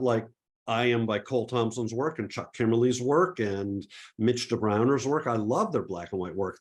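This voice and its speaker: A middle-aged man from Massachusetts with no regional accent, answering audience questions in a relaxed webinar, chatty and full of restarts and fillers. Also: mid-range voice. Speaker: photography presenter.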